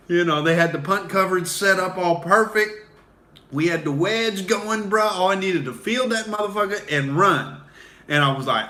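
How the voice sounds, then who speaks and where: A man in his late twenties or thirties, a comedian hosting a livestream, telling crude, animated stand-up stories. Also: high voice, unhurried, pauses often, slight background noise. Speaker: comedian, show host. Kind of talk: loose stand-up storytelling on a livestream.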